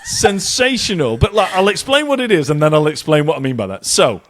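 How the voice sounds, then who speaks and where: A man's voice: a little high, wildly swooping pitch, brisk, a bit bright, a little hiss or hum. A man from the UK co-hosting a podcast, bantering casually and laughing often. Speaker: podcast co-host.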